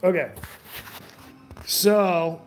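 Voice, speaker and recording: A man's voice: high voice, very slow, soft background music. A man giving a casual, rambling history talk, loose and profane, full of filler words and restarts.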